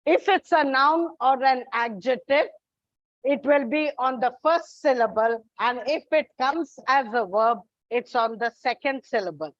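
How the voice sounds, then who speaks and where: A woman teaches an English exam coaching lesson at a slow, deliberate pace. She spells out letters and repeats the key points. The sound is dry and a little dull and lo-fi. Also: high voice, dry recording.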